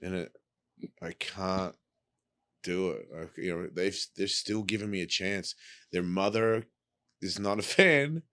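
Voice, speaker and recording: Middle-aged Australian male guest, somewhat low-pitched, quiet and confessional with blunt swearing. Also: a little slow, long pauses. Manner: subdued, confessional, profane. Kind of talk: candid conversational talk.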